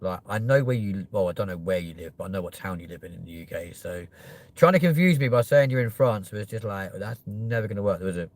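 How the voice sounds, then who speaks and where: Brief: young guy, lowish voice, sweary live-stream host riffing loosely with chat. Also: animated, fairly quick. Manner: sweary, jokey, chatty with viewers.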